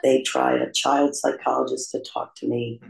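A man with a gravelly, rough-edged voice tells his own life story in a confessional, self-deprecating way, pausing often on "um". His pitch sits at an ordinary middle height. The recording carries a roomy echo. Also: level tone. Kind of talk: candid personal recovery story.

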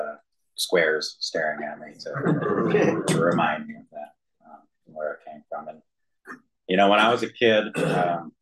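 A man giving a personal testimony to a room and a video call, halting, with many fillers and self-deprecating humor. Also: low voice, fairly bright tone, rough recording. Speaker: speaker sharing his recovery story. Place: room with an audience, also streamed to a video call.

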